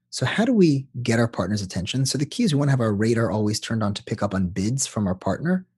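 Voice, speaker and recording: A man who works as a couples therapist, explaining in an animated way during an interview. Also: medium pitch, fast, breathy edge.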